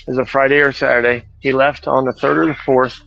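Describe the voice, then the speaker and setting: A man's voice: medium pitch, level tone, brisk, creaky, a bit bright. Casual male streamer, talks on the go in a store, self-correcting, slightly lo-fi phone audio. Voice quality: rambling, corrects himself often. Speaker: truck driver streamer. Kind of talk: casual chat while shopping. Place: large store.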